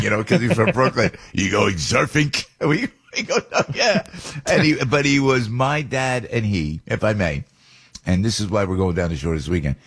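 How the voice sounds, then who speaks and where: An older man, hosting a talk radio show in an animated, rambling way with big jumps up in pitch. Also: breathy edge. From New Jersey. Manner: rambling and nostalgic.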